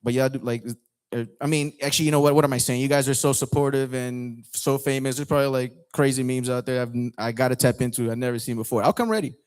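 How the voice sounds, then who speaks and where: A man's voice: mid-range voice, fast talker, a little mellow, smooth. Teasing male open mic host. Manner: playful, teasing banter with the crowd. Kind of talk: hosting an open mic comedy night. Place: comedy lounge stage.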